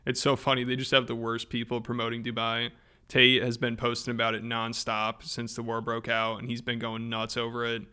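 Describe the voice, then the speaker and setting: A man narrates commentary with dry sarcasm and mockery. His voice is crisp and bright, held in a fairly flat, even pitch. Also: fairly quick. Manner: sarcastic, mocking. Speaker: commentary host. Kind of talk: scripted commentary.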